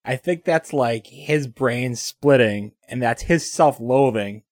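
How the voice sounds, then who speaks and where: A man's voice: mid-range voice, slow, a little mellow, no echo, clean studio sound. A man on a podcast, thinking aloud about a show, full of "like" fillers. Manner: thoughtful, many "like" fillers. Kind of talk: casual podcast chat.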